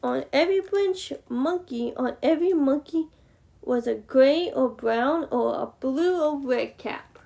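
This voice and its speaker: A woman reading a picture book aloud, slow and with chatty asides to the listener. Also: sits high, creaky, warm tone. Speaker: storybook reader.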